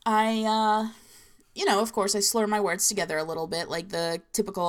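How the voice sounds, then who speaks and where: A woman's voice: lowish voice, steady tone, unhurried, smooth. A woman with a New Jersey accent hosting a solo podcast, talking casually and rambling with plenty of filler words. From New Jersey, USA. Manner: rambling, filler-heavy, chatty. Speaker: podcast host.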